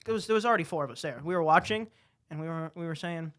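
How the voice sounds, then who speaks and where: A man's voice: a little high, racing, fairly bright tone. A man co-hosting a podcast, telling stories in casual chat and often stumbling over and repeating his words. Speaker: podcast co-host.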